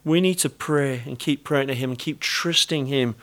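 A middle-aged man from Britain, speaking with a British English accent, preaches a sermon, earnest and conversational, leaning on repeated key phrases. His voice is medium-pitched and a bit bright, at a moderate pace.

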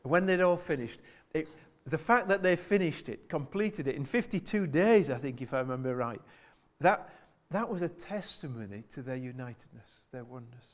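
A man delivers a church sermon in a fairly high voice. He speaks earnestly, circles back over his own phrases, and keeps checking in with the congregation through rhetorical questions. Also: animated, normal speed, hardly any pauses. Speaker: preacher.

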